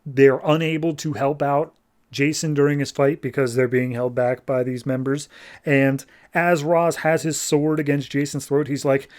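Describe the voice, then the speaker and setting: A man's voice: on the high side, little pitch movement, moderate pace, a little mellow. Joking man recapping comics casually. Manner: loose, joking, quotes characters casually. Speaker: podcast host.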